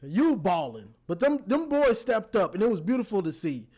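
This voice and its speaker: A man giving a casual football game recap, animated, talking straight to the players and repeating his words. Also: sits high, normal speed. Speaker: football fan reviewing a game.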